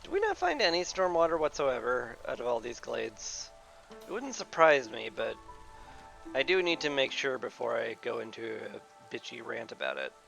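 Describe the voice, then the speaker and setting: A man's voice: medium pitch, very animated, normal speed, creaky, fairly bright tone, faint music behind. A man casually commenting on his gameplay as he plays, talking to himself and to the game with mock rants. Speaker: gameplay streamer.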